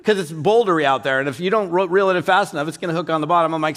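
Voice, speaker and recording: A middle-aged man speaking from a conference stage in a high, ringing voice. He tells folksy stories in an animated way and acts out the people he quotes. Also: rapid-fire, few pauses. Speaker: keynote speaker. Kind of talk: motivational keynote storytelling.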